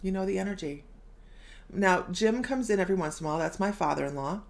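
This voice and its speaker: A woman's voice: medium pitch, fast, creaky. A middle-aged woman hosting a casual live stream as a psychic medium, bubbly, laughing often and reading viewer comments aloud.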